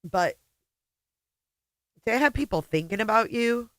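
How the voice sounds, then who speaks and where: A woman's voice: fairly high pitch, animated, a little slow, no room sound. A middle-aged woman hosting a casual livestream chat, emotional and teary, greeting viewers by name. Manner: emotional, chatty, reading out viewer names. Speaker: livestream host.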